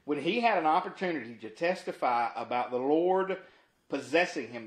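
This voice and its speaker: A man's voice: fairly high pitch, animated, normal speed, roomy sound, low-quality recording. A man giving casual Bible teaching, retelling the story with asides and restarts. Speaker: preacher.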